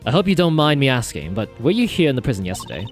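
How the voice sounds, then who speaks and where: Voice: medium pitch, big pitch swings, soft background music, pitched below the performer's own voice, lightly acted. A player doing a cool, precise male prosecutor. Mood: measured. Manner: measured, precise, dry. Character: prim, formal male prosecutor, cool and analytical. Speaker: prosecutor character.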